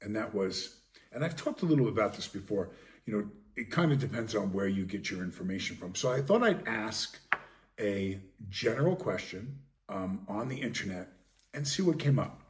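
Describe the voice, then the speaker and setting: Rambling man, low voice. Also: animated, normal speed, distant mic. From Long Island, New York. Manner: rambling, many ums and restarts. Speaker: podcast host. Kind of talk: casual podcast monologue.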